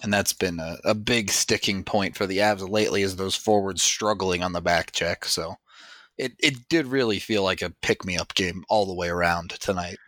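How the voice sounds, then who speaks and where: Guy hosting a sports podcast, lowish voice, dry close mic, steady and even. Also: normal speed, no echo. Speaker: podcast host. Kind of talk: casual sports analysis chat.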